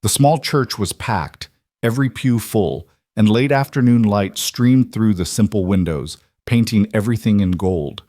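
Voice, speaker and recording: A man narrating a scripted western romance story in a measured, gentle way. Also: fairly low pitch, no room sound, clean studio sound.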